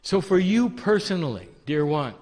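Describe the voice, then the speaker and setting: A man giving a channeled spiritual teaching, calling listeners "dear one" and asking rhetorical questions in a soft, deliberate way. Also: high voice, very animated, big-room sound.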